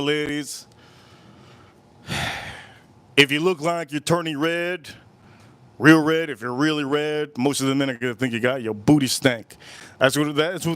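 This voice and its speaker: A man with a slightly high voice hosts a live cigar review and rambles in loose, repetitive chat, slipping into quoted voices as he goes. His sound is dry and close, with no room around it. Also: dry recording. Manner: rambling, repeats phrases, acts out quoted voices. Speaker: cigar review livestream host. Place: Miami.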